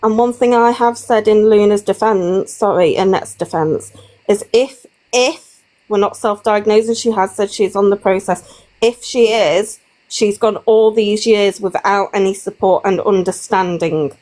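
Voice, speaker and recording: A woman's voice: medium pitch, a little slow, a little mellow, rough recording. British woman, firm, matter-of-fact, live-stream chat.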